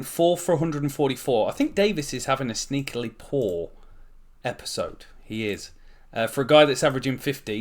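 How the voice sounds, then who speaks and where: A man talks through a let's-play session in a voice of ordinary middle pitch. He is chatty and excitable, cracking jokes between stretches of commentary. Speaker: gaming channel host.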